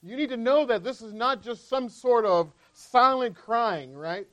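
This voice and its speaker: Male preacher, high voice, conversational sermon delivery with frequent "right?" check-ins. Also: unhurried, a bit bright. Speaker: pastor.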